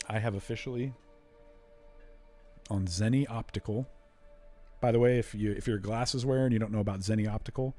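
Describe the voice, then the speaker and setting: A man in his forties, chatting casually and excitably while streaming a game. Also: lowish voice. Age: 40s. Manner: chatty, excitable, says dude a lot. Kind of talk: casual gameplay stream chat.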